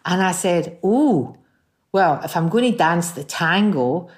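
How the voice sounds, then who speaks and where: Scottish woman, middle-aged, lowish voice, chatty storyteller on a talk show, does all the voices. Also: unhurried. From Scotland. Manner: animated storyteller, acts out voices in anecdotes. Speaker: guest singer. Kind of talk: chat show interview.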